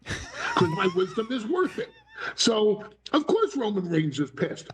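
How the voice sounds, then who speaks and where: A man's voice: high-pitched, wildly swooping pitch, unhurried, poor audio. A middle-aged man talking as an interview guest, theatrical and dramatic, with acted voices in his stories. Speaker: wrestling personality, guest. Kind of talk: animated interview talk.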